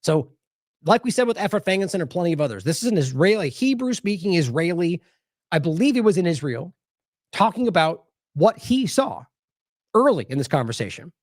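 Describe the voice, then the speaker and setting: A man's voice: sits high, sing-song, a little fast, darkish tone, no echo, studio quality. A man hosting an independent news show, giving sarcastic, rambling commentary over video clips with frequent restarts.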